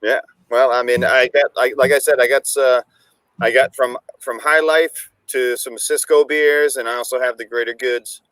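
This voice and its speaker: A man's voice: mid-range voice, fairly even intonation, normal speed, fairly bright tone, dry recording. A man co-hosting a casual chat, mixing a drink and talking in an easygoing way with hesitant fillers. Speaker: cocktail-making co-host.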